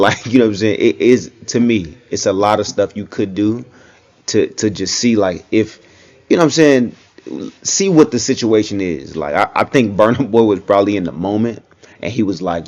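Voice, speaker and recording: A relaxed young man with a slightly low voice, giving an off-the-cuff reaction commentary. He talks loosely and conversationally, circling back on himself with filler phrases. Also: moderate pace, lo-fi sound. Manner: conversational, keeps saying "you know what I'm saying".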